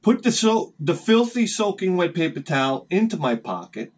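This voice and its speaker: A man's voice: high voice, moderate pace, husky. A man hosting a casual vlog, rambling through a story and acting out both sides of conversations in sudden bursts. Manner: animated storyteller who acts out conversations in sharp bursts. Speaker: retro game channel host.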